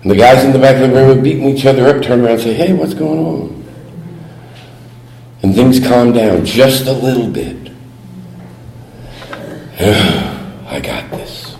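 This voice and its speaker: A man's voice: medium pitch, brisk, gravelly, pauses often, warm tone. A middle-aged man giving a humorous talk at a recovery meeting, telling his story with put-on voices. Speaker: AA speaker. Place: meeting hall. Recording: echoey hall recording.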